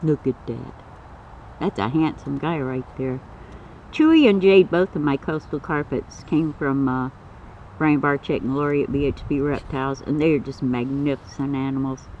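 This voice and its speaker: A man's voice: normal speed, darkish tone. A man talking casually on his vlog outdoors, chatting fondly about and to his pet snake. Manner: fond, chatty, coos at his snake in a higher voice. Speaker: snake keeper filming his pets. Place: outdoors in a yard. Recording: slightly dull lo-fi camera audio with faint outdoor noise.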